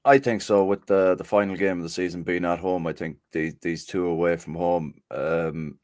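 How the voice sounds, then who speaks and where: Deep-voiced laid-back man on a podcast. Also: fairly even intonation, normal speed, a little mellow, dry recording, studio quality. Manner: laid-back, swears casually, reads out notices. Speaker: podcast guest. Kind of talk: casual football podcast chat.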